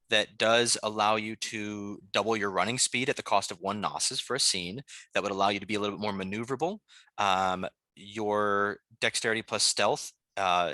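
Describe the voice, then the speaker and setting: Bright, low-pitched game master on a call. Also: male voice, dry recording. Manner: explains rules patiently, with frequent ums. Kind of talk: running a tabletop game over a call. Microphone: video call.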